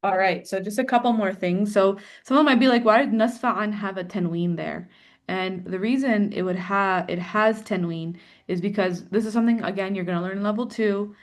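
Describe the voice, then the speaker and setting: A woman teaching an online Arabic grammar class, explaining patiently and encouraging her students with quick affirmations. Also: mid-range voice. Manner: encouraging, explains patiently with frequent "yeah" and "good".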